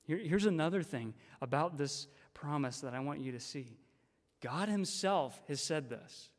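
A man's voice: a little high, lively intonation, unhurried. Emphatic male preacher in a reverberant church. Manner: emphatic, repeats phrases for stress. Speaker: guest preacher. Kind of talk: sermon. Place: church sanctuary.

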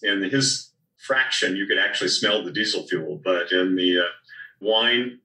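An older man with a lowish but bright voice tells easygoing wine stories as a podcast guest. He sits a little back from the mic in an echoey room. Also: measured pace, distant mic. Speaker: winemaker guest. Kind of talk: relaxed storytelling in conversation.

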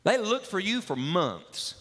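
A man's voice: high-pitched, sing-song, measured pace, a bit bright, in a large hall, voice pushed up, full character voice. A male preacher voicing a curious, talkative traveler who pries with folksy questions. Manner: nosy, prying questions, folksy.

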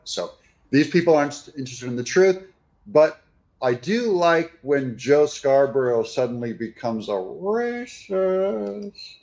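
A man giving sarcastic, animated reaction commentary on news clips. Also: medium pitch. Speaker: political commentator.

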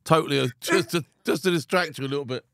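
A man's voice: a little high, fast, vocal fry, fairly bright tone. A man hosting a casual interview podcast, joking and teasing his guest, often repeating words as he starts a thought. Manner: teasing, jokey, repeats himself. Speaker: podcast host.

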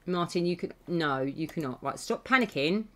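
A woman, chatting excitably through a game stream, laughing often and scolding the characters. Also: fairly low pitch, moderate pace. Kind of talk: casual gameplay commentary. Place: home.

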